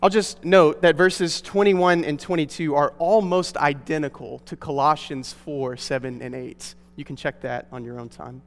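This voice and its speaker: A man's voice: fairly high pitch, fairly even intonation, moderate pace, hardly any pauses. A pastor delivering an earnest, emphatic sermon to his congregation in a church. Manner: earnest, emphatic preaching with rising stresses. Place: church sanctuary. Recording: long hall reverb.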